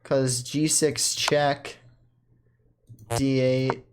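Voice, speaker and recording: A chess player giving casual commentary on their own game at home, thinking aloud with quick self-corrections and bursts of excitement. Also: medium pitch, a little hiss or hum.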